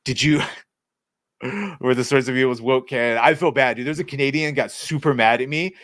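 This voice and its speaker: A man's voice: medium pitch, a little fast, fairly bright tone, no echo. A man in an average register rants through a casual podcast chat, sarcastic and loose with his swearing. His voice sits close and dry on the mic, with no room sound around it. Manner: ranting, sarcastic, swears freely. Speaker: co-host.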